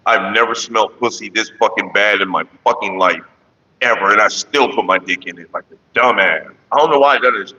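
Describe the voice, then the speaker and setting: A man on a casual stream, telling crude, profane stories in a loud, rowdy way. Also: on the low side, fairly quick, slightly rough, long reverb tail, dull audio. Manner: loud, profane, jumps into mocking voices and sings snatches. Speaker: livestream host.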